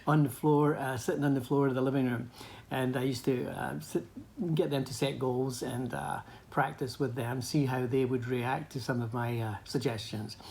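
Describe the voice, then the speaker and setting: A man's voice: mid-range voice, a little hiss or hum. An older man giving a motivational training talk, telling a personal story in a hesitant, anecdotal way with many restarts.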